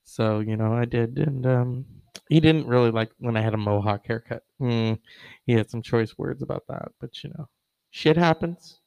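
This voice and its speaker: A man's voice: medium pitch, normal speed, vocal fry, darkish tone, no echo, poor audio. A man hosting a casual online show, rambling with many fillers and wry asides.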